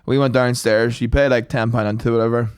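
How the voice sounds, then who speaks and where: A man's voice: mid-range voice, fairly even intonation, fairly quick, clean tone, dry recording, studio quality. A man co-hosting a podcast, telling a story in casual chat, laughing often and swearing as he goes. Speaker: podcast co-host.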